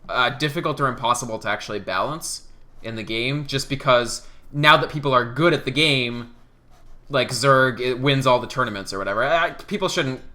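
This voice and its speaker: A man casting a live online game tournament, excitable play-by-play with quick asides and laughter. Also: medium pitch. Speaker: esports caster.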